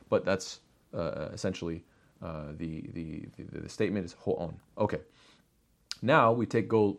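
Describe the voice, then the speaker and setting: A man with a notably low voice walks his listeners through a scriptural argument in a lecture. He talks it through step by step, answering his own rhetorical questions and often pausing on fillers. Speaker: religious teacher. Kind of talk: explanatory religious lecture.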